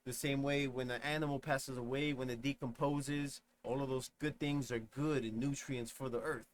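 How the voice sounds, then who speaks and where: A man's voice: medium pitch, fairly even intonation, normal speed, slight background noise. A young man streaming a reaction, talking casually in slang and rambling through his thoughts. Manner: reflective, rambling, uses slang.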